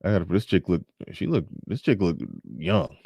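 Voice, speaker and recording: Man, low voice, live show host, chatty, wry, dry close recording. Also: lively intonation, moderate pace, a little mellow, breathy edge, no room sound. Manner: chatty, wry, reads donation pages aloud. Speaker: podcast host. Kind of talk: casual live commentary.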